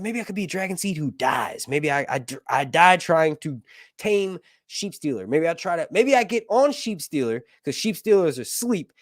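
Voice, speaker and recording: A man's voice: fairly high pitch, no room sound, clean studio sound. A man hosting a casual live stream, reading viewer messages aloud and chatting with lots of laughs and energy. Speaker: livestream host.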